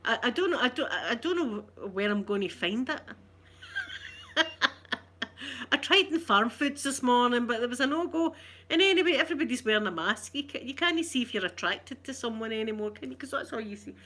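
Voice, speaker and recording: A woman's voice: a little high, expressive, fairly quick, bright, forceful tone. A woman with a Scottish accent chatting casually with her livestream viewers in a rambling, self-teasing way. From Scotland. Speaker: ASMR streamer chatting with viewers.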